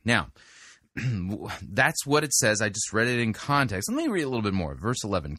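Lively low-voiced man reviewing sermons. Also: moderate pace, no room sound, studio quality. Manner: animated, emphatic, stresses single words. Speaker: podcast host and sermon critic. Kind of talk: critical commentary with scripture reading.

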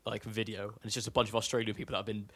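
A young British man co-hosts a casual podcast chat. He speaks haltingly and often trails off mid-thought. The sound is close and dry, with no room echo. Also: on the low side, flat delivery, a bit bright. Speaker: podcast co-host.

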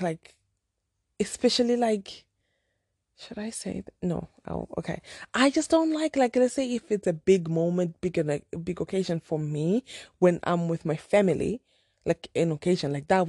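Chatty female vlogger from Zimbabwe, warm low voice, dry close sound, rambling and frank. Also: slightly rough, no echo. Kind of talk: casual storytime chat.

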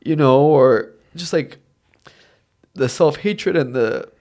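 A man's voice: fairly high pitch, takes it slowly, darkish tone. A man co-hosting a podcast, talking about films in a casual, earnest and emotional way with lots of fillers. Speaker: podcast co-host. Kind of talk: casual film review chat.

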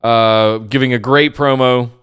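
Dry, sarcastic man with a smooth voice. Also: mid-range voice, fairly even intonation, measured pace, a bit bright. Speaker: podcast co-host. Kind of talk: casual wrestling recap chat.

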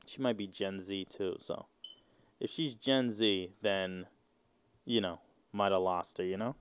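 A man's voice: sits low, fairly even intonation, a little slow, clean tone. A man in his twenties hosting a solo podcast, rambling and joking with plenty of profanity. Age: 20s. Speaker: podcast host. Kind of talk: casual solo podcast rant.

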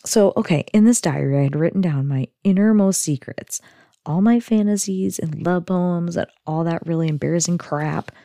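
Woman host, low-ish mellow voice, dry close sound, giggly casual recap. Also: moderate pace, dry recording. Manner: chatty, giggly, frequent "like". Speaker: podcast host.

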